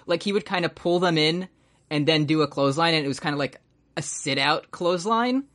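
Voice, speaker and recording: A man co-hosting a podcast in casual chat, telling stories in an animated way and swearing often. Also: on the high side, brisk. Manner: animated storyteller, swears a lot. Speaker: podcast co-host.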